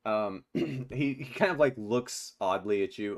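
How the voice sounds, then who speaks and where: A man's voice: fairly low pitch, animated, measured pace. A man narrating as game master of a tabletop game, laughing often and rambling through fillers.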